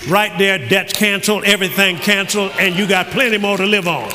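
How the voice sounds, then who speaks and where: A man preaching a sermon, shouting calls for amen to the congregation, then dropping to quieter asides. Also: high-pitched, steady tone, brisk, few pauses. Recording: echoey hall with crowd noise. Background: congregation noise.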